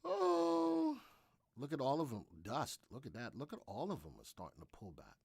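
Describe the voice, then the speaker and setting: A man's voice: mid-range voice, wildly swooping pitch, fast, gravelly, a little mellow, slightly rough, no echo, clean studio sound. A man hosting a live trading room, talking energetically and repetitively through his trades while answering viewers' questions.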